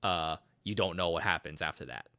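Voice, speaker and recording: A man casually recapping a video game's story, animated and swearing, rambling with lots of fillers. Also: low-pitched, fairly quick. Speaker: gaming video creator.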